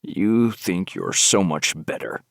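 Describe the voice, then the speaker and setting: A woman voicing a brutal, menacing male mobster, growling slowly in an audiobook. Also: very deep voice, no echo, clean studio sound, pitched below the performer's own voice, heavily acted. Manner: growling, slow and gravelly. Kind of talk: audiobook narration.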